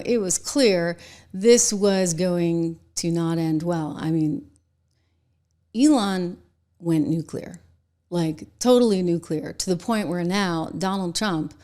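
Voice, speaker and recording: Middle-aged lady host riffing on politics, chatty and animated, laughs a lot. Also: on the low side. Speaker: political commentary show host. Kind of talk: casual political commentary.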